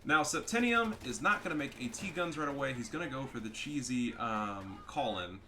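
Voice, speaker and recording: Brief: male gameplay commentator, bright tense voice, excitable and profane, slight background noise. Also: mid-range voice, normal speed. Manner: excitable, profane, gets loud at big moments. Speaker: gaming commentator.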